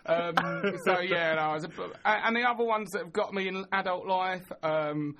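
A man's voice: sits high, moderate pace, a crowd in the background. A man, co-hosting a casual chat show and joking as he rambles through stories. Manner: jokey, rambling, slips into silly voices. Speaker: podcast co-host.

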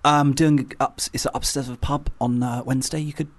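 A man, a comedian, co-hosting a casual chat with quick jokes and asides. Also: mid-range voice, fairly even intonation. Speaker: podcast co-host, comedian.

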